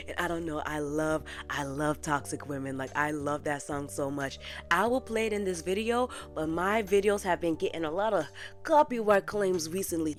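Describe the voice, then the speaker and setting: Brief: young female commentary host, lower pitch, chatty, slangy, animated storyteller. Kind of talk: casual cartoon recap commentary.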